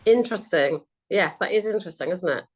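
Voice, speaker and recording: Woman guest chatting about her research, kinda low voice, lots of ums and fixing what she just said. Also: animated, a little fast. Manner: chatty, with frequent ums and self-corrections. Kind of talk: conversational interview.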